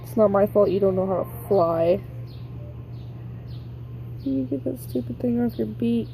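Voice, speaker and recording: A woman's voice: mid-range voice, measured pace, dark tone, soft background music, poor audio. A young woman vlogging outdoors, talking in a playful, doting, mock-dramatic way. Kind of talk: casual outdoor vlog.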